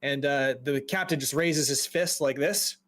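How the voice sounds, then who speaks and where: A man narrating a tabletop game as game master, relaxed and descriptive. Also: mid-range voice, measured pace. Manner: relaxed, laughs often, descriptive.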